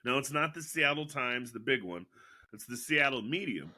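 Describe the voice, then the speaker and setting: Speaking at a normal pace with a medium pitch, this male podcast guest spins profane, animated stories. He acts out what people said and frequently laughs partway through sentences.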